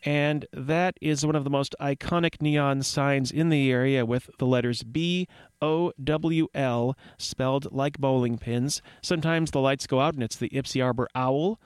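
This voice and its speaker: A man's voice: mid-range voice, steady tone, a little slow, clear, resonant tone, no room sound. A man hosting a community radio news segment, reading items with wry, rambling asides and puns. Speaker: radio host. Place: radio studio.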